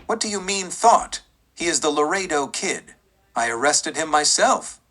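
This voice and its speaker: A man's voice: a little high, animated, moderate pace, bright, forceful tone. A man voicing a greedy young frontier deputy who pleads and protests in a rising voice. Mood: agitated.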